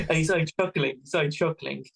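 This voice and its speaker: Gravelly-voiced young man from Wales. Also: a little high, unhurried, low-quality recording. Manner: lively, self-mocking anecdote telling. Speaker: guest adventurer. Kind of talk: casual storytelling.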